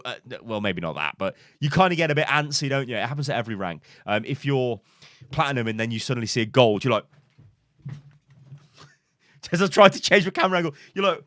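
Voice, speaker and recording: A man, hosting and commenting on gameplay as a coach, in an animated, theatrical way. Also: medium pitch, dry recording, studio quality. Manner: animated, theatrical, quick to exclaim. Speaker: game coach and channel host.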